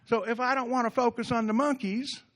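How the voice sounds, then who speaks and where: A middle-aged man giving a gentle, reflective recovery workshop talk in a conversational way, often restarting his sentences. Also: very high voice, fairly even intonation, brisk. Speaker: workshop speaker.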